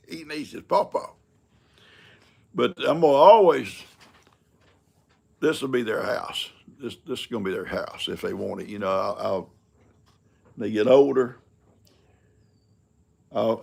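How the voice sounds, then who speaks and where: A man's voice: lowish voice, darkish tone. An older man, rambling folksy and chuckling as he hosts a casual live stream. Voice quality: gravelly, husky. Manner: folksy, rambling and chuckling, talks to his cats. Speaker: livestream host.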